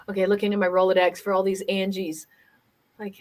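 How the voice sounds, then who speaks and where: A woman hosting a casual livestream chat as a business coach, telling an animated story and acting out quoted dialogue. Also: medium pitch, fast talker.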